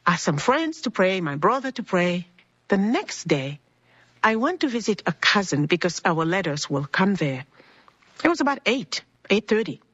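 Husky-voiced woman telling her story. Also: medium pitch, sing-song, moderate pace, fairly bright tone, no echo, muffled recording. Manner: earnest, acts out quoted people in her story. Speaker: speaker sharing a personal faith testimony. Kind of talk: personal storytelling.

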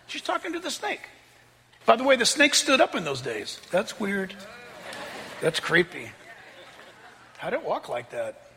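Animated high-voiced preacher, gravelly edge. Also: male voice, a little slow, long pauses, long reverb tail, slight background noise. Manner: lively, playful, conversational preaching. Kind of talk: sermon.

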